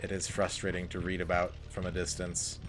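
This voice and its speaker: A young man with a lowish voice chats as he plays, drifting from story to story with a sarcastic edge. Game music runs under his talk the whole time. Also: monotone, a little fast, fairly bright tone. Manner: chatty, sarcastic, rambling asides. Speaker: streamer. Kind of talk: casual chat while streaming a game.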